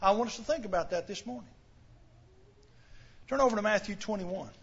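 A man's voice: high-pitched, a little fast, a bit bright, slightly rough, lo-fi sound. A man preaching a sermon in an earnest, questioning way, often repeating words as he starts a sentence.

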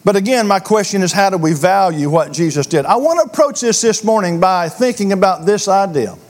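Man, high-pitched voice, preacher, church sermon, earnest, repeats words. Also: animated, fairly quick, faint music behind.

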